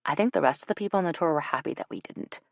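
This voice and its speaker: A woman's voice: sits low, lively intonation, very fast, gravelly, dry recording, lo-fi sound. Exasperated young woman, snappish and wry, voiced by a female narrator. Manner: snappish and dry.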